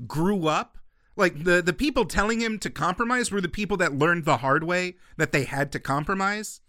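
A male podcast co-host in opinionated, animated casual chat, quick with asides. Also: sits high, no room sound, studio quality.

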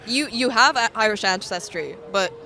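Bright-voiced woman with an American accent. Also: a little high, lively intonation, normal speed. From Russia. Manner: chatty, frank and laughing easily. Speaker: interviewee. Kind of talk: casual street interview.

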